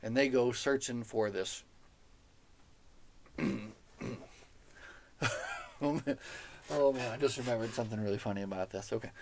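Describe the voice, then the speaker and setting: A man's voice: mid-range voice, normal speed, pauses often, darkish tone, slight background noise. A man hosting a podcast, recapping a novel in a casual, enthusiastic way, chatty and laughing now and then at the silly plot. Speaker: podcast host reviewing a novel.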